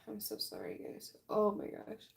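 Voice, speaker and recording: A woman in her late twenties chatting casually with viewers while she paints on a livestream. She is relaxed and talks at an easy pace, yawning often as she answers the chat. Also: mid-range voice, measured pace, gravelly. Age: late 20s. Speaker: livestream artist. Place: art room at home.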